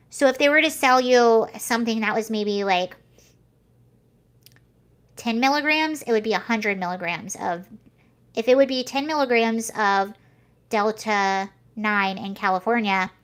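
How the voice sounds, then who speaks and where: Young woman vlogger, higher pitch, casual rambly commentary full of fillers. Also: a bit bright. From United States. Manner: chatty, rambling, many fillers and restarts.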